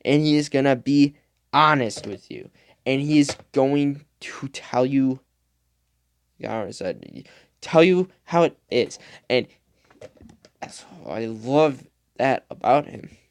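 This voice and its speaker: A man's voice: medium pitch, animated, slow pace, creaky, pauses often, clear, resonant tone. A man hosting a podcast, ranting casually and heatedly about football, profane and rambling. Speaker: podcast host.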